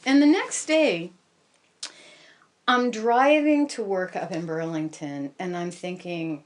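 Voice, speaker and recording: A woman telling a first-person story in an animated, self-deprecating way. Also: fairly low pitch, takes it slowly.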